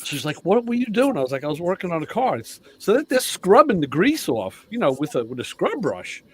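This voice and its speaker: A man's voice: fairly high pitch, wildly swooping pitch, fairly quick, husky. An older man telling a workshop injury story in casual live-stream chat, laughing and repeating himself. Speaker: show regular.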